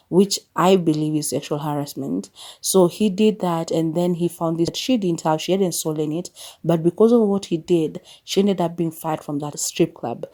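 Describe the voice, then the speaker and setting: A woman's voice: fairly low pitch, dark tone. A woman hosting a podcast, chatting casually and giving her frank opinions in a movie review. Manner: chatty, opinionated, laughs often. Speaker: podcast host.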